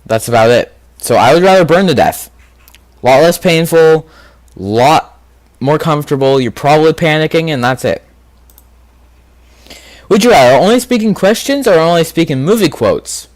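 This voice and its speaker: A man's voice: on the high side, animated, moderate pace, long pauses, no room sound. Man rambling through a quiz game. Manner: rambling, thinking aloud with fillers. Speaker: gaming video host. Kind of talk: casual commentary on a quiz game.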